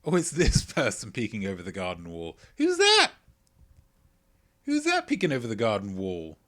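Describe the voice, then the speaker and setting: A man's voice: huge pitch swings, normal speed, a bit bright. A man putting on a silly, over-the-top voice for a nosy neighbor peeking over a garden wall. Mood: chirpy. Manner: squeaky, over-the-top, on-the-spot silly character voice.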